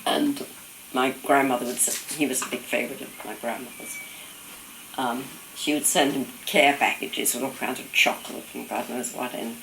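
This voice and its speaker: A woman's voice: very deep voice, fairly even intonation, moderate pace, creaky, fairly bright tone, roomy sound, slight background noise, poor audio. An older woman telling family stories in casual conversation, amused and laughing often, sometimes mimicking her relatives' voices. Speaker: interviewee recalling family stories.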